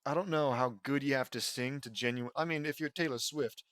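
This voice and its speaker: A man's voice: medium pitch, brisk, a bit bright, no room sound. Sarcastic man reading fan fiction aloud. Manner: sarcastic, mocking asides. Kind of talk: comedic dramatic reading with commentary.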